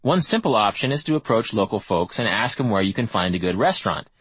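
A man narrating a nonfiction audiobook in a measured, wry first-person reading style. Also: lowish voice, sing-song, fairly bright tone, slightly rough, no room sound, low-quality recording.

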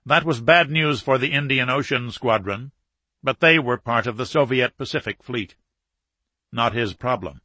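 Bright-voiced male audiobook narrator. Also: medium pitch, moderate pace, no echo. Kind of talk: scripted narration.

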